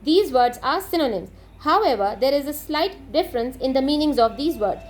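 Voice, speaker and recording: High-voiced woman teaching an English lesson. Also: moderate pace, soft background music. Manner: reads items then explains, steady and methodical. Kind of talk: textbook lesson explanation.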